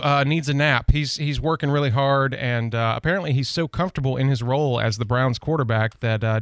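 A man hosts a local radio talk show, rambling warmly through personal stories in a loose, chatty way. His voice sits at an ordinary middle pitch. He is recorded close and dry on a studio microphone. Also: dry recording. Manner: chatty, rambling, self-deprecating. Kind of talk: casual radio chat.

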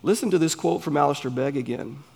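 A man with a Southern US accent, preaching a sermon in an earnest, emphatic way with pauses between phrases. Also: on the high side, creaky, a little mellow, slightly rough. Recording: long hall reverb.

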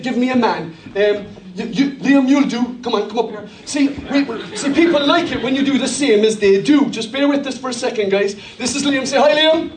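An Irish man preaching a sermon as pastor to his congregation, in a jovial, joking manner. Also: very high-pitched. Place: church hall. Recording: echoey hall, mic far off.

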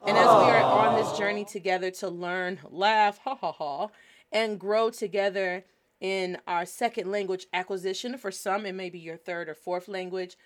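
A woman's voice: medium pitch, steady tone, normal speed. A woman hosting a language lesson in a casual, upbeat teaching style, moving between English and Spanish. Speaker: host.

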